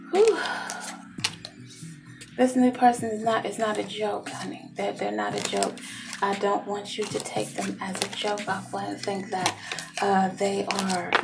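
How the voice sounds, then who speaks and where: A woman giving a casual tarot reading who calls the listener baby and love, at times dropping into a soft, whispery voice. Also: mid-range voice, poor audio. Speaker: tarot reader. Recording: music playing underneath.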